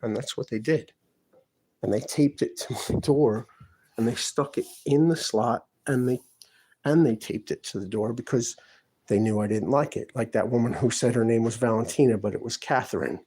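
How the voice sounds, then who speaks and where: A man with a husky, slightly rough voice talks at a middling pitch. He speaks in an aggrieved, insistent way, going back over the same points. He is indoors in his apartment, recording on a handheld phone. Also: normal speed, a little mellow. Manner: aggrieved, insistent, repeats himself. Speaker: tenant filming his apartment. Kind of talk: agitated self-filmed complaint.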